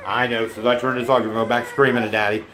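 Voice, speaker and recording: A man's voice: medium pitch, flat delivery, racing, a bit bright, a little hiss or hum. A man vlogging casually from home, rambling chattily and cooing at his dogs. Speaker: vlogger and homesteader. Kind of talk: casual chat to camera. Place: home indoors.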